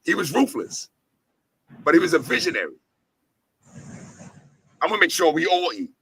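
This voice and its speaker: A man's voice: on the high side, huge pitch swings, normal speed, gravelly, sharp tone, husky, low-quality recording. A man hosting his company's talk show, preaching in a profane, fired-up way and hammering points home with repeated lines and rhetorical questions. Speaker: host, head of an entertainment company.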